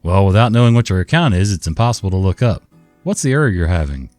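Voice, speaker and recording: A man's voice: low voice, expressive, fast talker, a little mellow, no room sound, faint music behind. A man doing a weary, polite help-desk worker.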